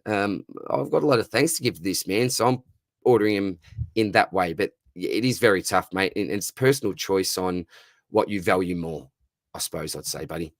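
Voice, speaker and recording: Hoarse Australian man, matey. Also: lowish voice, expressive, fairly quick, no room sound, studio quality. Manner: matey, chummy, calls everyone mate and brother. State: hoarse, losing his voice. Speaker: livestream host answering viewer questions. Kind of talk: casual livestream Q&A.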